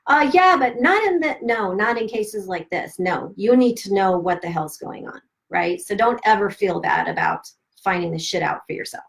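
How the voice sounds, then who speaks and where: Lady on a live stream telling her own story, blunt and animated, cusses a lot. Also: mid-range voice, normal speed, creaky. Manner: emphatic, swearing, animated retelling with quoted dialogue. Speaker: host of a self-help live stream. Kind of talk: candid personal storytelling.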